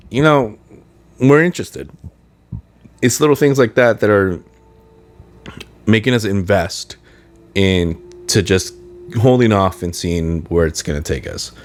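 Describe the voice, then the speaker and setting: A man hosting a podcast, chatting casually and rambling as he searches for words. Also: fairly low pitch. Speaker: podcast host. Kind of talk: casual solo review chat.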